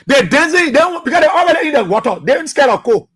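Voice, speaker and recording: A man with a Liberian English accent giving impassioned political commentary as a radio talk show host, repeating his points and sometimes shouting. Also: very high voice, big pitch swings, quick pace. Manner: impassioned, preachy, repeats phrases, shouts at times.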